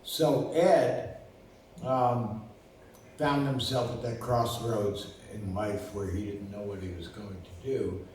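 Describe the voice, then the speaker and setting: A man's voice: lowish voice, fairly even intonation, slow pace, a little mellow. Older man spinning rambling stories in an echoey room. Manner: rambling, with many fillers and restarts. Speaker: lawyer and guest. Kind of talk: casual storytelling. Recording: roomy distant recording with faint noise.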